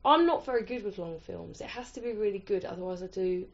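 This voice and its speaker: A woman's voice: medium pitch, expressive, fast talker. A woman chatting casually as co-host, chatty and eager to agree. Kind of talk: casual chat. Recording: muffled lo-fi recording.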